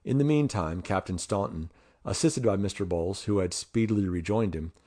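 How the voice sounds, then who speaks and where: Lower-voiced man reading a novel aloud. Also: warm tone. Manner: measured, voices characters with raised pitch. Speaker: audiobook reader. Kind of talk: scripted narration of a sea adventure novel.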